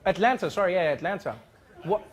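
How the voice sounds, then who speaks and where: A man's voice: sits high, a little fast. A man from South Africa hosting a comedy talk show, chatting with the audience and slipping into silly put-on voices. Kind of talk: improvised comedic crowd work. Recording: studio audience laughter behind voice. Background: crowd laughter and ambience.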